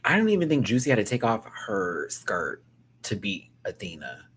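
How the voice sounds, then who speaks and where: Man, young adult, sassy live review host, lively swooping voice, quick laughs and hushed asides. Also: fairly low pitch, slight background noise. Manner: animated and sassy, laughing, drops to quiet asides. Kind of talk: casual live review chat.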